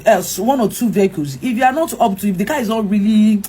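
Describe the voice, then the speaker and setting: A woman's voice: mid-range voice, fast, slightly rough. A middle-aged Nigerian woman, an actress, telling an emotional story in an interview, acting out what others said and restarting often. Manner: animated, acts out quoted dialogue, frequent restarts.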